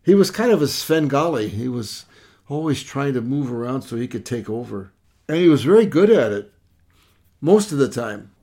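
A man co-hosting a casual film review chat, knowledgeable and measured, with a slightly formal turn of phrase. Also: mid-range voice, sing-song, warm tone. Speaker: podcast co-host.

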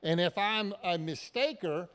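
A man's voice: high-pitched, unhurried, a bit bright, smooth. A man preaching a sermon in a church, talking to the congregation in a plain, conversational way with everyday examples. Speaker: pastor.

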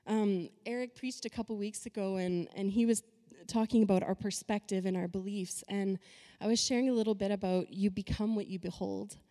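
A woman's voice: medium pitch, mellow, big-room sound. A woman pastor giving a conversational, emphatic sermon full of rhetorical questions.

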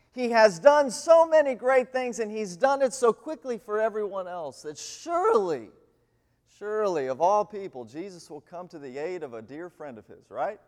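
A man giving a sermon as a guest speaker, swinging between loud pleading and hushed, near-whispered lines. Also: very high voice. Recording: long hall reverb.

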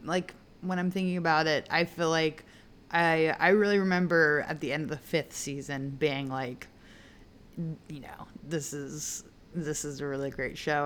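Low-voiced woman chatting casually. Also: fairly even intonation, fairly bright tone, slight background noise. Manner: chatty, drawn-out musing with many fillers. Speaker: podcast co-host. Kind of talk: casual chat.

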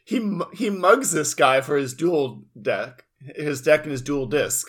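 A man's voice: a little high, animated, a little slow, fairly bright tone, slightly rough. Man with a light voice, rambling with fillers. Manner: loose, filler-heavy storytelling. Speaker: podcast co-host. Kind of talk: casual comedic recap chat.

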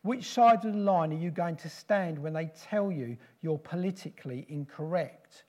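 A man preaching a prophetic sermon in slow, solemn, repeated declarations. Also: a little high, warm tone.

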